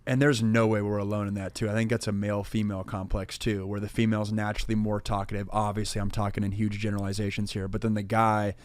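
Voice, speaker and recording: A man's voice: fairly low pitch, level tone, fast, few pauses, no room sound. A young adult man co-hosting a podcast with his wife, laid-back and joking, talking in long rambling runs. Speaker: podcast co-host. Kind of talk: casual couple chat.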